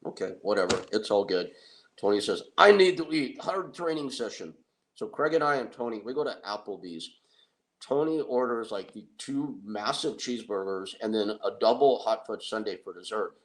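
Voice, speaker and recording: Middle aged guy telling a story, kinda low voice, lively and laughs at his own stuff. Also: normal speed. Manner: animated, self-deprecating, laughs often. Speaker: wrestling and MMA manager. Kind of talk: anecdotal storytelling.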